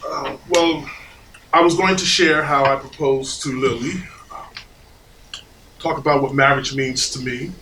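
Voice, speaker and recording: An actor playing an earnest, nervous father of the groom, telling a story with animated impressions on a small theater stage. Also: fairly high pitch. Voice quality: animated storyteller, puts on a pompous French waiter voice. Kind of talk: stage play acting. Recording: echoey theater stage from far off, audience noise.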